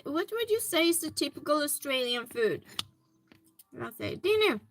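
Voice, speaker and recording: A woman's voice: sits high, sing-song, moderate pace, rough recording. A woman hosting a hobby livestream from her home hobby room, chatting casually and greeting viewers by name as she reads their comments.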